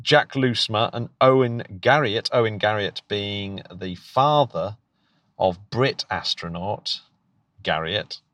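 This British teacher and podcast co-host speaks slowly in a lowish, fairly bright voice with no room sound. He's enthusiastic in casual chat, stumbling through restarts and laughing frequently.

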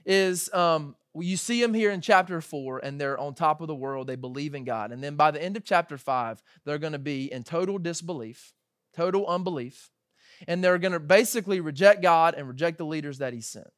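A man in his thirties delivers a sermon with a notably high voice, conversational and animated, slipping into quoted voices as he retells the story. The sound is dry and close, with no room echo. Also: brisk. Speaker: pastor.

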